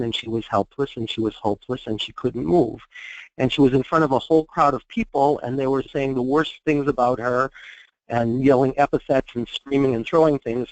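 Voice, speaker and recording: A man's voice: medium pitch, dry recording. Man telling a case story, dull dry sound. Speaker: therapist presenting a case. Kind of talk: conference talk, case storytelling.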